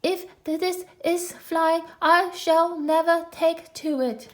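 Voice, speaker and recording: A woman voicing a small, timid male piglet in a storybook reading, with high, frantic cries. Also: flat delivery, slow, slight background noise. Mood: frightened.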